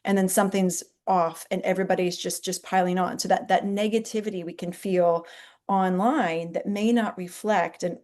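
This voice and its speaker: A woman's voice: fairly low pitch, fairly even intonation, normal speed, darkish tone. Woman hosting an interview. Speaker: webinar host.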